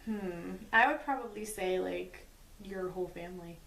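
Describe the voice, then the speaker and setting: A woman's voice: on the low side, moderate pace, creaky, fairly bright tone, recorded from a distance, a little hiss or hum. A woman in her twenties chatting casually in a couple's question-and-answer video, telling stories with lots of "like" and frequent laughs. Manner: chatty, giggly storyteller, lots of "like". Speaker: vlogger. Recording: echoey room, away from the mic.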